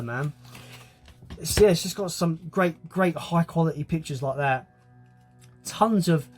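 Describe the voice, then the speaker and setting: A man hosting a casual show-and-tell vlog from home, enthusiastic and repeating his words as he talks. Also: fairly high pitch. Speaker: channel host.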